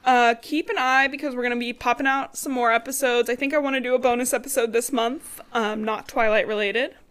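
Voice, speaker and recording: A young woman co-hosting a podcast, recapping a book in casual chat, animated and swearing, acting out characters' lines in her own voice. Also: on the high side, fairly quick, clean tone. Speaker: podcast co-host.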